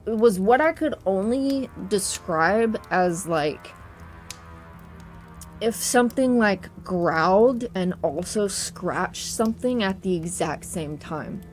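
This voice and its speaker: A woman's voice: mid-range voice, animated, slow pace. A young adult woman telling a spooky personal story in a casual social-media style, cursing freely and laughing as she goes. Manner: profane, chatty, laughs through it. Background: faint spooky piano music.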